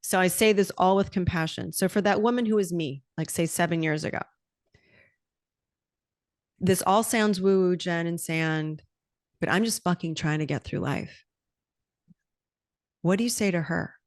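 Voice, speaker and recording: A woman's voice: lowish voice, moderate pace, long pauses, no echo, studio quality. A middle-aged woman hosting a podcast, talking candidly and with animation, swearing freely in casual conversation. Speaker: podcast host.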